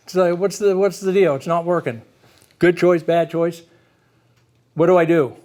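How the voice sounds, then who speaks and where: High-voiced middle-aged man, playful presenter. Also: darkish tone. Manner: acts out family scenes, chuckles often. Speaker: parenting and reading presenter. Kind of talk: humorous workshop talk to parents.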